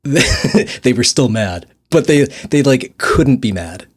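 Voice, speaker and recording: A man's voice: mid-range voice, animated, takes it slowly, breathy edge. A young man casually telling a story in a monologue, laughing often and restarting his sentences. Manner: rambling, laughs often, restarts and repeats words. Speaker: vlogger.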